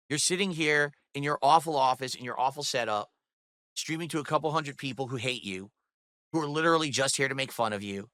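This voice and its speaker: A man's voice: a little high, pushed and bright, no room sound. A man streaming from his home studio, mocking and cursing at a rival while talking to his chat. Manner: mocking, profane, scornful; addresses viewers and chat directly. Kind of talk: livestream rant. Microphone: studio microphone on a boom arm.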